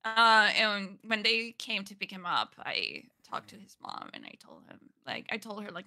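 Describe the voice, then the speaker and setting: Bright, expressive female co-host. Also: mid-range voice, moderate pace, few pauses. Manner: expressive storyteller, loud outbursts and laughter. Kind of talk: casual chat.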